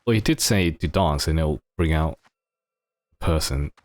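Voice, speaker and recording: A man's voice: a bass voice, moderate pace. A man live-streaming a game, reacting in a chatty, wry way. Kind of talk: casual live-stream commentary.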